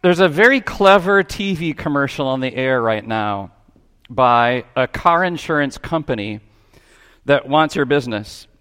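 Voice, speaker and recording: A man's voice: mid-range voice, expressive, a little slow, fairly bright tone, clean tone, in a large hall. A man preaching a sermon in a church, talking in a conversational way and asking his listeners questions. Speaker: pastor. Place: church sanctuary.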